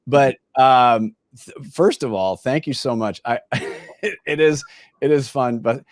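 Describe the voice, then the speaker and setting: A man's voice: mid-range voice, measured pace, no echo. An American man hosting a casual interview, chatty and self-deprecating. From United States. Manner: chatty and self-deprecating, switching between French and English. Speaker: podcast host.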